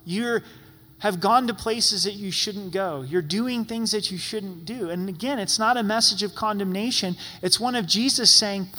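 A man's voice: high voice, normal speed, bright, forceful tone, in a large hall. A man preaching a sermon as pastor in a church sanctuary, talking in an earnest, pleading, conversational way.

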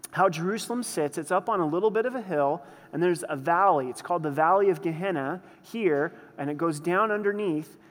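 A male pastor delivers an earnest sermon in a fairly high voice. His words ring out with a long reverb, as if in a big church sanctuary. He slows down and presses harder whenever he voices a quoted prayer.

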